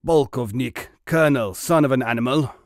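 A blustering Soviet army colonel, as a male narrator puts him on, sneering and quick to defend himself. The voice is mid-pitched and firm, recorded dry and close. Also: no echo, lightly acted. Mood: contemptuous.

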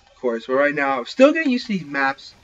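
Young guy yelling along to his shooter match, headset mic, kinda dull muffled audio. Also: fairly high pitch, a little fast, a little hiss or hum. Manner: excitable, reacting loudly to kills. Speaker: gaming channel host. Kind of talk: live gameplay commentary. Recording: slightly dull lo-fi recording.

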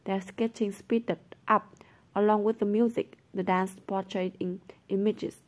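A woman reads a novel aloud in a soft voice that at times drops to a near whisper. Her voice sits at an ordinary middle pitch, and her narration carries the story steadily from line to line. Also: fairly even intonation, unhurried.

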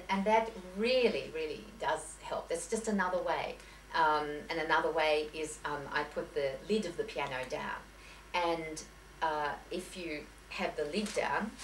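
A woman's voice: sits low, a little slow. A woman piano teacher giving a lecture to teachers, talking in a chatty, anecdotal way with many restarts and self-corrections. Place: lecture room. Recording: echoey room, voice from far off, faint hiss.

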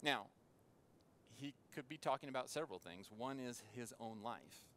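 Brief: male preacher, mid-pitched, earnest sermon delivery with weighty pauses. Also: expressive, fairly bright tone, a little hiss or hum. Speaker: pastor. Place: church.

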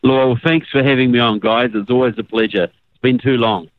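A man's voice: mid-range voice, steady tone, normal speed, no room sound. A man with a New Zealand accent, a guest speaking earnestly on a call-in show. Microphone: phone call. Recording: phone line.

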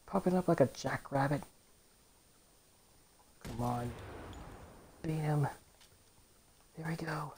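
Slow, low-voiced woman reacting to gameplay. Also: mellow, a little hiss or hum. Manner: reactive, exclaiming, self-mocking frustration. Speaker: gameplay commentator. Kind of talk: let's play commentary.

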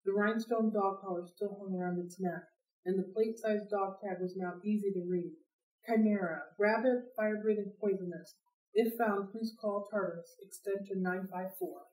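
A woman reads a novel aloud for a library read-along, telling it in an expressive, steady way. Her voice is at a middle pitch and carries a roomy echo. She sits back from the microphone. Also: moderate pace. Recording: roomy sound, distant from mic.

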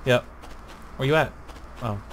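A laid-back man talks his way through a co-op game in an easy, chatty voice, laughing often. His pitch sits in a middle range. The recording carries a clear layer of background noise. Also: measured pace. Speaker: gaming channel host. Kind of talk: casual co-op gameplay chat. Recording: noisy home game recording.

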